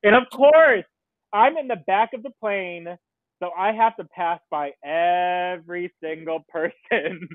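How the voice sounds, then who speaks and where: A man with a high voice tells an animated story in casual chat, laughing often as he goes. The sound is thin and phone-like, with a close, dry feel. He talks as a relaxed podcast guest. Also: a little slow, no room sound. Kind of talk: casual anecdote telling. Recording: tinny phone-like line, dry.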